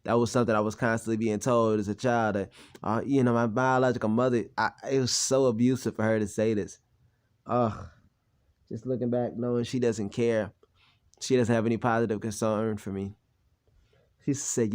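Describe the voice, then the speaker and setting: A man's voice: on the low side, fairly even intonation, a little fast, a little mellow, clear, resonant tone. Blunt, rambling young man. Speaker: channel host. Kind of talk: personal monologue.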